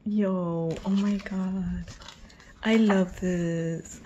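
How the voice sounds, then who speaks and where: A woman's voice: on the low side, slow, long pauses, lo-fi sound, a little hiss or hum. Gushing woman whispering over an unboxing. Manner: gushing, excited, drops often into breathy whispers. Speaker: vlogger. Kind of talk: unboxing video.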